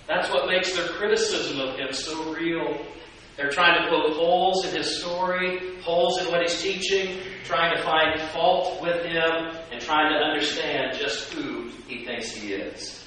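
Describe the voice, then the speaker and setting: A man preaching a sermon and asking the congregation questions, lively and animated. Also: a little high, a little slow. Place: church sanctuary. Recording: echoey church from a distance with hiss.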